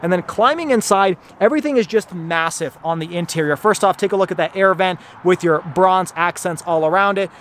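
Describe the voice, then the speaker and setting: A man with a fairly high voice walks through a new car's features in an upbeat, explanatory way. He talks briskly, with the practiced ease of a reviewer. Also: fairly bright tone, a little hiss or hum. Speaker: car reviewer. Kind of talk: product review walkthrough.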